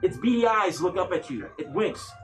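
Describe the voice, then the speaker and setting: A man narrating a pirate tabletop game as game master, with a fairly high pitch and a loose, casual delivery full of fillers. Music plays under his voice. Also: big pitch swings, normal speed, low-quality recording.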